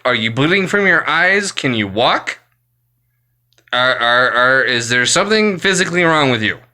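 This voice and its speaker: An adult vlogger who works full time rants angrily at the camera, swearing constantly in a blunt, exasperated, profane monologue. His medium-pitched voice sounds pushed and bright, with a clear, resonant tone.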